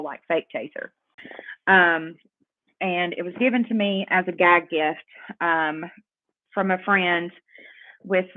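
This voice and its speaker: A woman in her thirties with a drawl spins a meandering, cuss-filled story, leaning on "like" at every turn. Her voice sits at an ordinary middle pitch. It comes through thin and boxy, as if over a phone line. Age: 30s. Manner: rambling, profane, heavy use of "like". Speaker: live-stream host. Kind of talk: casual storytime. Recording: tinny phone-like audio.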